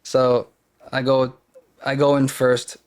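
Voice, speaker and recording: A man's voice: medium pitch, completely flat delivery, slow pace, a little mellow, clean tone. A man, a podcast guest, telling a personal story in a casual, earnest and openly emotional way.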